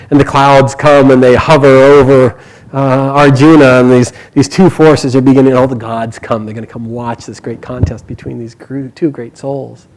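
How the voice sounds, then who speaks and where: A man telling an epic story live, animated and dramatic, sometimes correcting himself. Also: medium pitch, poor audio.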